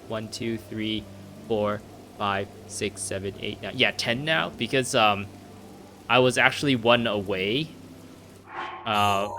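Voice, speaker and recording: A man's voice: lowish voice, sharp tone, a little hiss or hum. A young man casually chatting while he plays a video game, laughing and joking about himself. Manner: chatty, laughing, self-deprecating. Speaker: gaming video host. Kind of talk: casual gameplay commentary.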